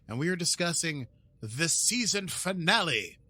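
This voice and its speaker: A man's voice: on the high side, big pitch swings, a little slow, pushed and bright, slightly rough. A man co-hosting a podcast with an American accent, chatting and recapping an episode in a jokey, playful way, laughing often. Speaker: podcast co-host. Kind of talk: casual chat and episode recap.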